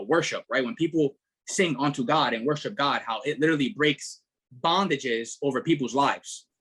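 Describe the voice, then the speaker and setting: A middle-aged man, a podcast guest telling his story in a casual, animated way, repeating words and leaning on fillers. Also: on the high side, husky. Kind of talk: casual testimony.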